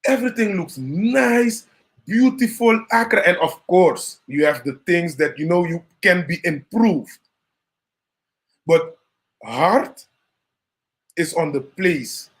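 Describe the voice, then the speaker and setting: Slow-talking man, high voice. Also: expressive. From Netherlands. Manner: slow, gentle, says "you know" often. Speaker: live-stream host. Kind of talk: casual chat.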